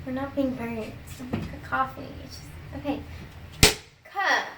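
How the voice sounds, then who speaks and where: A young woman in a comedy sketch, playing a teacher who spells out words slowly with exaggerated patience. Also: high-pitched, steady tone, roomy sound, noisy background. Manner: exaggerated, patient-then-exasperated teacher delivery, stretches out words.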